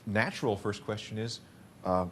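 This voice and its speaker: A man hosting a casual radio interview, asking relaxed, jokey follow-up questions. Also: fairly low pitch, normal speed, a little hiss or hum. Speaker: radio host.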